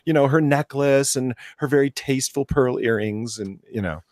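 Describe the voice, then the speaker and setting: A man's voice: mid-range voice, normal speed, darkish tone, no echo. Sarcastic man, dry close sound. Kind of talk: casual chat on a live stream.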